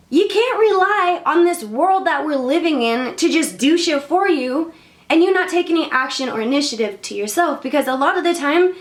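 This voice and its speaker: A woman vlogger telling a story and giving spiritual advice in a casual, slangy, rambling way. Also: high-pitched. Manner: slangy, rambling with many fillers. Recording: roomy echo.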